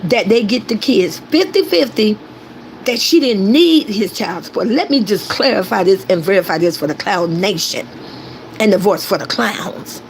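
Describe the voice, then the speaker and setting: A woman's voice: mid-range voice, lively intonation, moderate pace, a little hiss or hum, rough recording. A woman hosting a commentary stream, ranting emphatically and repeating points while calling on her chat to agree. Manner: emphatic, repetitive, addresses chat directly. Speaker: commentary host.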